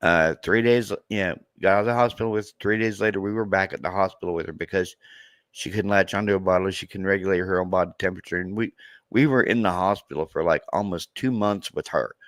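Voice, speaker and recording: A man in his thirties talking in a halting, emotional way in a podcast conversation, near tears and repeating himself. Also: deep voice, dry recording, clean studio sound. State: tearful. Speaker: true crime content creator.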